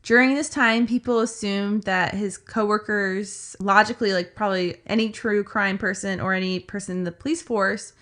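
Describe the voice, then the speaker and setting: Female podcast co-host, casual storyteller, bright tone, filler-heavy delivery. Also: mid-range voice, fairly even intonation, moderate pace, hardly any pauses. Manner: chatty, filler-heavy retelling with acted quotes.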